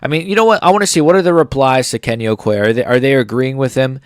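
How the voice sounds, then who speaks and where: A man's voice: mid-range voice, fast talker, no echo, clean studio sound. A man hosting a casual MMA commentary channel, blunt and opinionated, swearing as he reacts to clips and comments. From United States.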